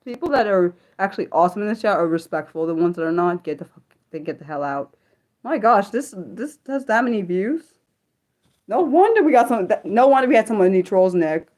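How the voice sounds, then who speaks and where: A woman hosting an unscripted livestream, rambling with lots of fillers and sudden jumps in pitch. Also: animated, a little fast, a little mellow. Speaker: livestream host.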